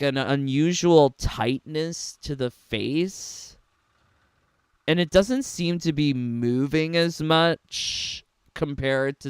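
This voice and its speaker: A man's voice: medium pitch, creaky, clean tone, no echo, studio quality. A man giving sarcastic, mocking reaction commentary on a game trailer, laughing often. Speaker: gaming commentator.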